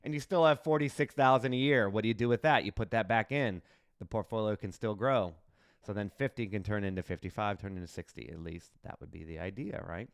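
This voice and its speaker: Man, low and smooth voice, casual finance host, animated, self-mocking, keeps asking "right?", dry close mic. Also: brisk, no echo. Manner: animated, asks "right?" often, jokes at himself. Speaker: investment channel host.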